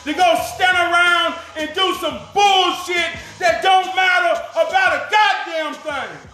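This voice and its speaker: Man, impassioned profane rant, very high voice, echoey room, faint music. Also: slow, pushed and bright, raised voice, a faint crowd. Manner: fiery, profane, preaching.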